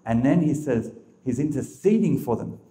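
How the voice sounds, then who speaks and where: Male Catholic speaker, mid pitch, warm, emphatic teaching style with rhetorical questions. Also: lively intonation, normal speed, roomy sound. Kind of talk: religious teaching talk.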